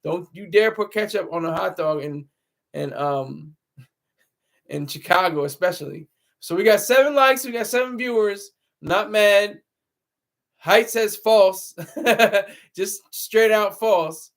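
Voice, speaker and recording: Guy with a high voice chatting on his stream, rambly, laughs a lot, laptop mic. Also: slow, creaky, a bit bright. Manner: rambling, laughs often, answers chat. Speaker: livestream host. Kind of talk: casual livestream chat. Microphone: laptop camera mic.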